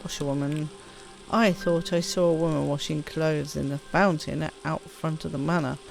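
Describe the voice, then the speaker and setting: A woman's voice: low-pitched, fairly even intonation, moderate pace, darkish tone. A woman casually commenting on a game she is playing, chatty and self-deprecating as she reads the on-screen text aloud. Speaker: gaming streamer. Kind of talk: casual let's-play commentary. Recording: voice over clear game music.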